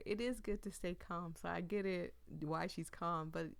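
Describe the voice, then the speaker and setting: A woman's voice: on the low side, fairly even intonation, moderate pace, creaky, no room sound. Chatty woman reacting to a game. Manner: chatty and emotional, reacting out loud. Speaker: gaming YouTuber. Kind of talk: let's-play commentary reading a visual novel aloud.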